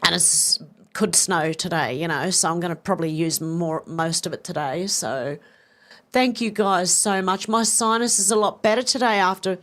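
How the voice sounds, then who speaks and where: A woman's voice: on the low side, moderate pace. A middle-aged Australian woman hosting a casual live stream, reading viewer comments aloud with effusive, chatty thanks and a slightly congested voice. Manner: chatty, effusive, warm thanks, many restarts. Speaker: livestream host.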